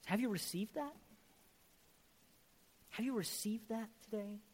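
A pastor with a strikingly high voice preaches an earnest, emphatic sermon and keeps pressing his listeners with rhetorical questions. His voice carries a long, lingering reverb, as if the sound fills a large church sanctuary. He is a man speaking from the pulpit to his congregation. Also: a little slow, darkish tone.

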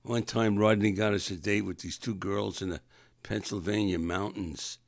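A man's voice: on the low side, steady tone, normal speed, creaky, no echo, clean studio sound. A man casually telling rambling personal anecdotes, often correcting himself mid-sentence. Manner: rambling, self-correcting, chuckling. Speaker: storyteller.

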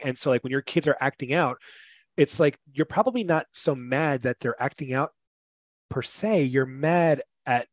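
A man's voice: mid-range voice, normal speed, no room sound. Casual man saying "like" a lot. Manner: casual, thoughtful, heavy use of "like". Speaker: podcast guest and father. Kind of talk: casual conversational podcast.

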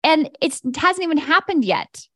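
A woman's voice: sits high, sing-song, normal speed, no room sound, studio quality. A woman hosting a podcast as an energy coach, talking in a casual, candid monologue. She swears freely and laughs often.

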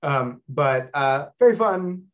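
A man in his thirties, a stage actor, telling casual anecdotes in a rambling, animated way. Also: fairly high pitch, slow pace, muffled recording. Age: 30s. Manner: rambling with frequent fillers and restarts, animated storyteller.

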